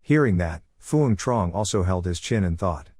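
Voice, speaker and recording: A man reading a scripted story recap in a flat, even narration style on a close mic. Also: deep voice, moderate pace, no echo.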